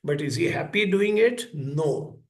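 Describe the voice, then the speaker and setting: A man's voice: on the high side, expressive, a little slow. A man giving a public talk at a school, telling stories and acting out the voices of parents and children. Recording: echoey hall.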